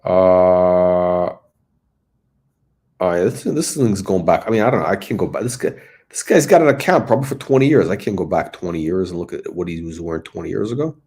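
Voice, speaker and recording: A man's voice: low voice, animated, brisk, a little mellow. A middle-aged man hosting a watch review, rambling through casual commentary and storytelling as he searches for words.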